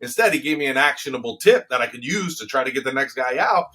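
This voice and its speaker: A young man, a guest coach in a casual interview, telling stories in an animated way. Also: medium pitch, fast, husky. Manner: animated storyteller.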